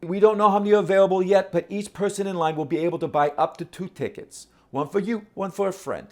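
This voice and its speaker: A man's voice: high-pitched, quick pace, pitched above the performer's own voice, lightly acted. A man voicing a brash self-appointed line monitor who barks clipped orders and questions people in the queue. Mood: bossy. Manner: loud, clipped, commanding, questioning the crowd.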